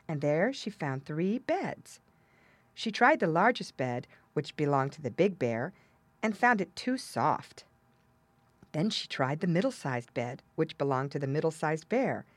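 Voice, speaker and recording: A woman reads a classic children's story aloud with a lively, melodic lilt in a lowish voice. The recording is close and dry, with no room sound. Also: no echo. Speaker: narrator. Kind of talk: storybook reading.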